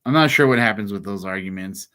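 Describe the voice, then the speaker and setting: A man's voice: fairly low pitch, quick pace, sharp tone. A man who works as a process server tells work stories in a loose, rambling way, with lots of "like" fillers. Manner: laid-back, rambling, heavy "like" fillers. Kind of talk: casual storytelling.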